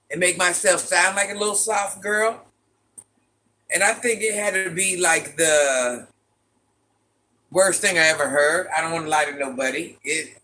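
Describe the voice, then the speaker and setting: A woman with a deep, raspy voice hosting a casual livestream, chatting and teasing as she reads viewers' comments. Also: pushed and bright. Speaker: livestream host reading chat. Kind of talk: casual live chat with viewers.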